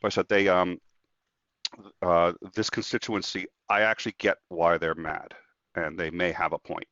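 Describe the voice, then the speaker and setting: A man speaking as a guest in a casual conversation, telling stories in an animated way and acting out what people said. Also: low voice, normal speed, dry recording. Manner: animated storyteller acting out quotes. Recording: dull, dry lo-fi sound.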